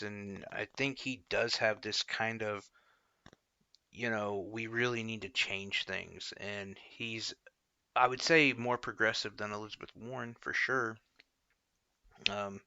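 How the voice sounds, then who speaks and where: A man's voice: on the low side, bright, forceful tone, dry recording, dull audio. A man hosting a casual political commentary show, opinionated and rambling, full of fillers and short laughs.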